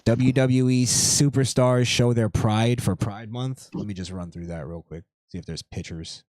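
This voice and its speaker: A man's voice: medium pitch, steady tone, normal speed, darkish tone, no room sound. Male host, loose rambling delivery, dead-dry close mic. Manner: loose, rambling, reads items aloud. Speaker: podcast host. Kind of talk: casual podcast chat.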